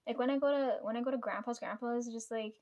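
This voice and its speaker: A woman vlogger chats straight to camera in a loose, rambling way. Her voice sits a little on the high side. She swears freely and laughs between her thoughts. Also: fairly even intonation, fast talker, darkish tone. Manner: rambling, frequent swearing, chatty asides. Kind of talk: casual storytelling to camera.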